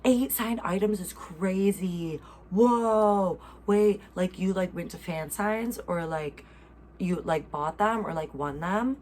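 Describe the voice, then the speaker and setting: A woman's voice: fairly low pitch, a little slow, a little mellow, a little hiss or hum. A young American woman hosting a casual reaction chat, talking in a playful, gushing way full of fillers. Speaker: host.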